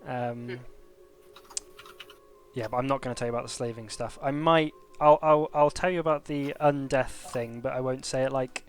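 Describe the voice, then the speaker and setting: Flat-voiced man playing a tabletop game. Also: medium pitch, normal speed. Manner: casual, scheming out loud. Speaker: player. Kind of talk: casual tabletop game chat.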